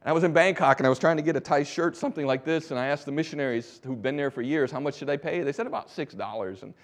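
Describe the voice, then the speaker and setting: Middle-aged american guy preaching, storytelling sermon, goes quiet then gets loud and pushy. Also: on the high side, fast. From United States. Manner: exhorting, swinging from hushed to loud. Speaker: missionary preacher. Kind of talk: sermon testimony.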